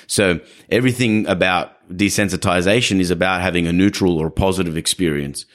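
A young adult man who trains dogs hosts a podcast, casually explaining dog behavior and acting out the people he quotes. He has a deep voice and a brisk pace.

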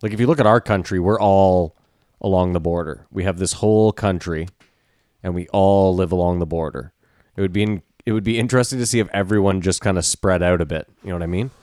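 Low-voiced man in casual podcast chat. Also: darkish tone, dry recording, clean studio sound. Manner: rambling, thinks aloud with many asides. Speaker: podcast co-host.

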